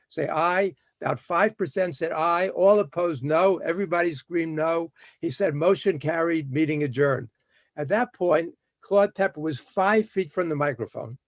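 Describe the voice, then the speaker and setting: A man recounting history as a speaker at a public talk, his voice sitting a little high. He tells it like a story, brisk and full of small restarts and fillers. The sound is dry and close. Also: dry recording.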